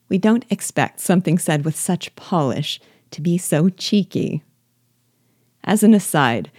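A woman with a low, mellow voice talks through a novel chapter by chapter in a reflective, gently wry way. She reads passages aloud between her own remarks. The recording is close and dry, with no room sound. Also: dry recording. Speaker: host guiding listeners through a novel. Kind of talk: literary commentary podcast.

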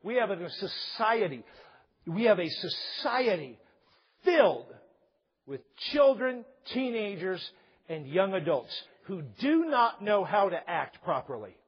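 A man preaching a sermon, animated, acting out parents and children, sometimes raising his voice to a shout. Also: sits high, slow, husky. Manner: raises voice to a shout at points. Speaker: pastor. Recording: dull lo-fi recording.

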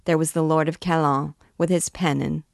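A woman's voice: sits low, fairly even intonation, normal speed, gravelly, no echo, clean studio sound. A woman reading aloud as a chatty old noble mother who rambles on, reminiscing.

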